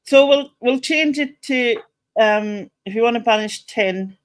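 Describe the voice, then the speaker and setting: A woman's voice: a little high, measured pace, no echo. A woman hosting a casual livestream, giving short encouraging replies and laughing easily. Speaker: host.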